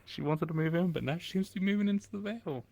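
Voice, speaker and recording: A man's voice: a little high, very fast, creaky, darkish tone, no room sound. A man chatting casually out of character during a roleplay session, swearing and laughing through playful banter. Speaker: roleplay streamer.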